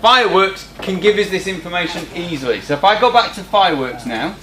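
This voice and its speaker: In a screen-recorded coding tutorial, a man teaches a classroom lesson in an informal way, teasing his students in asides. His voice sits high and sounds animated and sharp, and he talks a little fast. The room is echoey, with a faint hum in the background.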